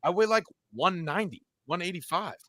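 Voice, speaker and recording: Young guy cohosting a footy watch along, bright punchy voice, dry close mic, jokey and blunt. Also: high-pitched, lively intonation, a little fast, dry recording. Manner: joking, teasing, blunt opinions. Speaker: co-host of a match watch-along. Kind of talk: casual sports banter.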